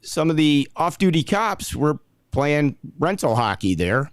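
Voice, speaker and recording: A man's voice: on the high side, sing-song, a little slow, clean tone, no echo, studio quality. A man co-hosting a casual hockey podcast, chatting and giving folksy tips to listeners. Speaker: podcast co-host. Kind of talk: casual chat.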